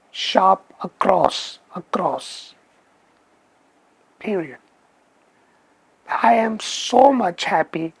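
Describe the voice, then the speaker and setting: Man reviewing gear, slow unhurried delivery, gravelly husky voice, dry close sound, emphatic repeats. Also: high voice, dry recording. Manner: emphatic, repeats words for stress. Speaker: photography channel host. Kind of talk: casual spoken lens review.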